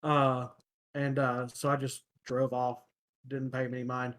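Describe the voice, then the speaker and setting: A young man chatting casually on a podcast, with a mid-pitched voice. He tells everyday stories haltingly, stopping for fillers and hunting for the right word. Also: monotone, fairly bright tone. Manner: halting, searching for words with many fillers. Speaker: podcast host. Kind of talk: casual chat.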